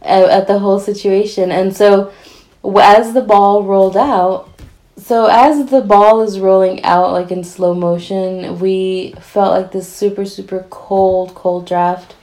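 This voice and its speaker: A woman's voice: mid-range voice, a little slow, poor audio. Chatty young woman telling a ghost story. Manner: animated, lots of "like" fillers. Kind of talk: casual storytelling.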